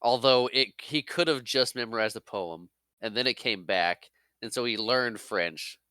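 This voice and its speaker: Podcast guy chiming in, laughs a lot, bright dry voice. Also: mid-range voice, a little slow, smooth, no echo. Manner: laughs often, chimes in with trivia. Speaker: podcast co-host. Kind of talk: casual movie chat.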